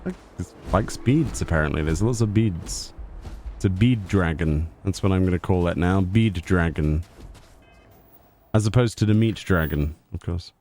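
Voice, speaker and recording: A man's voice: deep voice, normal speed, darkish tone, faint music behind. A man giving casual commentary while streaming a game, with wry, self-mocking asides. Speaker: gameplay streamer. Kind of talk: casual let's-play commentary.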